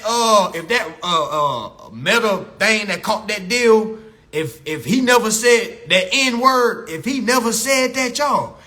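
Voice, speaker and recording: This social media live host has a high voice that sounds pushed and bright. Over a phone stream, he launches into a profane, preachy, unscripted rant, stressing his points by repeating them.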